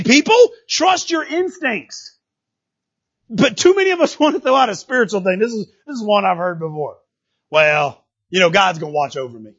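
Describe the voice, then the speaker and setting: A middle-aged male pastor preaching a sermon, swinging between loud exclamations and quiet asides, on a dull lo-fi recording. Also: high-pitched, breathy edge.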